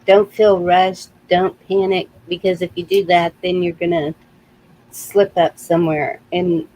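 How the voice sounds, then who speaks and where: A woman in a casual group chat, talking in a calm, steady, reassuring way. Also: fairly low pitch, unhurried, slight background noise, poor audio.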